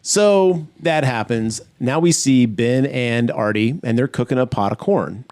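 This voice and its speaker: A man hosting a podcast, recapping a film in casual chat and acting out lines in loud voices. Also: mid-range voice, a little slow, clean tone, no room sound, studio quality. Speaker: podcast host.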